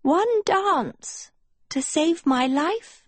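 A woman doing a high, wistful young witch turned hag. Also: lively intonation, extremely slow, no room sound, exaggerated voice. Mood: pleading.

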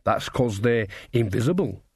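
A man's voice: mid-range voice, animated, normal speed, husky, dry recording, clean studio sound. A man reading an easygoing old witch woman in an audiobook, plain and chatty. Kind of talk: audiobook character voice.

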